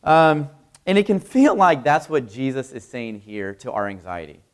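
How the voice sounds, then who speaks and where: A man's voice: mid-range voice, sing-song, normal speed. Man preaching a conversational sermon. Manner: conversational with fillers, rising for scripture reading. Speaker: pastor.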